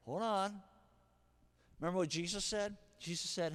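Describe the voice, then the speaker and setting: Animated pastor preaching in a reverberant hall. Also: male voice, on the high side, normal speed. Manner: animated, swings from hushed asides to shouted punchlines. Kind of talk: sermon.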